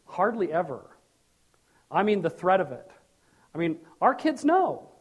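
A middle-aged man preaching a sermon as pastor, animated and joking, with sudden loud bursts. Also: sits high, a little slow, husky.

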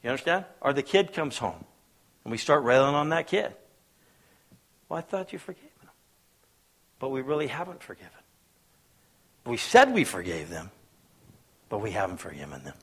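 A man's voice: big pitch swings, moderate pace, pauses often, breathy edge. A man preaching a sermon as pastor, telling stories, acting out quoted voices and asking the crowd if they follow. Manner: storytelling preacher, acts out quoted voices, asks the crowd questions; swings between hushed low asides and loud raised bursts.

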